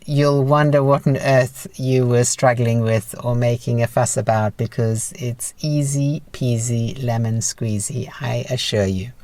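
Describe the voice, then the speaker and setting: Low-voiced lady teaching breathwork, unhurried and encouraging, dry sound. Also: no echo. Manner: calm, instructive, encouraging. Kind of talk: guided breathing lesson.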